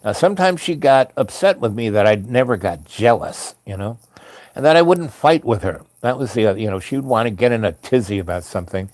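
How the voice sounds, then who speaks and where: A man's voice: mid-range voice, lively intonation, fairly quick, a little mellow, dry recording. Rambling man telling a story. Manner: rambling, chatty, full of asides. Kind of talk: casual spoken anecdote.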